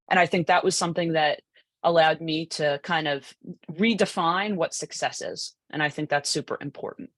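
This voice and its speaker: A woman's voice: low-pitched, normal speed, a bit bright, no room sound. A woman coach giving a conversational presentation, chatty, full of asides and rhetorical "right?" tags. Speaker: lacrosse goalie coach presenting.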